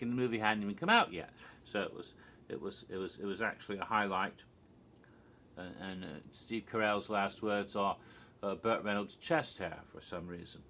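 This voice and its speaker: A man's voice: fairly low pitch, sharp tone. A man casually recapping a theme park stage show, rambling and amused, with frequent restarts and asides. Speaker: host recounting theme park history.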